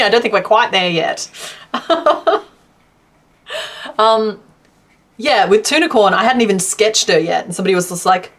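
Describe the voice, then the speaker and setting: A woman chatting casually to her stream from home while she crochets, laughing often and counting stitches out loud. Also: medium pitch, moderate pace. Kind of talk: casual livestream chat.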